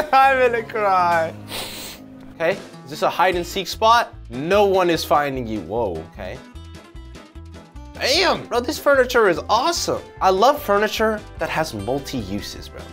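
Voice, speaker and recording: A young man giving casual, slangy reaction commentary on short videos, full of quick exclamations. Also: high voice, big pitch swings, a bit bright, soft background music.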